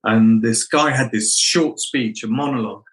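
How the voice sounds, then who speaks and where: A middle-aged man, an actor being interviewed, reflecting on his craft and telling animated anecdotes. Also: mid-range voice, moderate pace, low-quality recording. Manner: animated anecdotes, acts out quoted voices.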